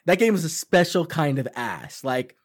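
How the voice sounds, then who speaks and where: A young man from Long Island, co-hosting a casual podcast chat, animated and swearing freely while acting out quotes. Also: on the high side, normal speed. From Long Island, New York. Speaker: podcast co-host.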